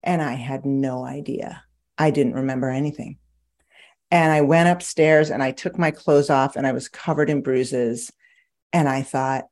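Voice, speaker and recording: With a rumbling low voice and a measured pace, a woman author chats as a podcast guest. She tells stories in a lively way and laughs often during the casual interview.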